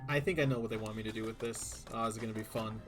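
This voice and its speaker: Rapid-fire and steady in tone, a lowish-voiced streamer gives live commentary on his video game, exclaiming, groaning and muttering at the action while game music plays.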